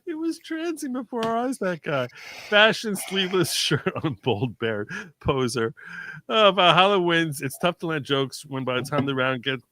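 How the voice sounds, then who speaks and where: A man's voice: on the high side, animated, normal speed, bright, forceful tone, no echo. A man hosting a casual live stream, reading viewers' jokes aloud and reacting to them.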